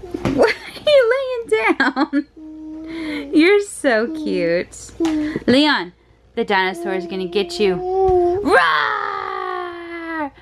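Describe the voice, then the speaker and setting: A high, bright-pitched woman talking at an unhurried pace in a casual home vlog. She slips into playful baby talk with her toddler and laughs often, with a faint hiss of noise in the background. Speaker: vlogger mom.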